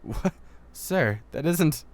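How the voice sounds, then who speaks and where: A man's voice: on the high side, expressive, slow pace, pitched above the performer's own voice. A man putting on a stubborn, indignant teenage girl. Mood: defiant. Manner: indignant, protesting. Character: stubborn, principled underage girl trainee. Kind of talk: amateur let's-play voice acting.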